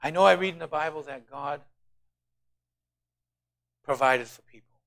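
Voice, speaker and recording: Man preaching a lively call-and-response sermon. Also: on the high side, measured pace, gravelly. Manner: preaching with call-and-response, swinging from soft asides to loud emphasis. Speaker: pastor.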